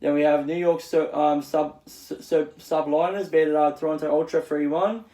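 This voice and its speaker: Halting man with fillers, echoey room. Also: fairly high pitch, steady tone, mellow. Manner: halting, full of fillers and restarts. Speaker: channel host. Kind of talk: casual esports results recap.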